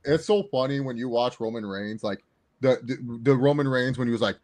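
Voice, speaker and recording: A man co-hosting a casual sports chat, excitable and rambling, with lots of fillers. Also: mid-range voice, fairly quick. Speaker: co-host.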